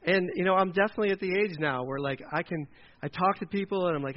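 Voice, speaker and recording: A man in his forties preaching a sermon as pastor, retelling the story in a joking, animated way. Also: sits high, fast talker, highs cut off.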